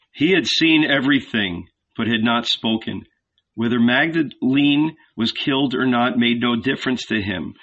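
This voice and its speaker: A man reading a novel aloud as the regular reader, slow and deliberate, closing with an affectionate sign-off. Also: mid-range voice, sharp tone, husky, lo-fi sound. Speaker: audiobook reader. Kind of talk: scripted narration.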